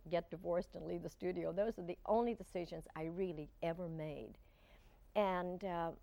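An older woman giving an interview, reminiscing in a warm, halting way with frequent restarts. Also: fairly low pitch, dry recording. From Portland, Oregon. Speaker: interview guest. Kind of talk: reflective interview talk.

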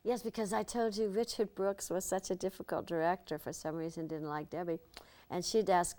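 An older actress as an interview guest, telling lively anecdotes and slipping into impressions. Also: female voice, on the low side, a little fast. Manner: lively storyteller, slips into impressions.

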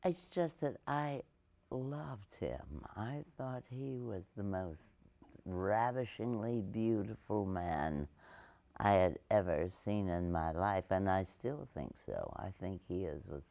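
Older woman with a deep, gravelly voice. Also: dark tone. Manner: halting, full of restarts, laughs often. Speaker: interviewee. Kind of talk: casual reminiscing in an interview.

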